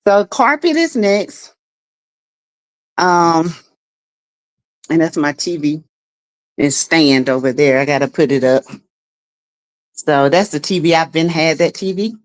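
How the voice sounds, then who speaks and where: A woman from South Carolina hosts a casual livestream from her home, speaking in a deep, expressive voice at a slow pace with long pauses. She chats with viewers, greets them by name, and laughs often.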